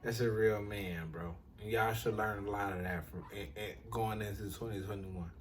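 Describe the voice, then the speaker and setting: Profane, excitable male reaction host. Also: fairly low pitch, normal speed, distant mic, slight background noise. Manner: loud, profane, animated outbursts. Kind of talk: casual reaction commentary.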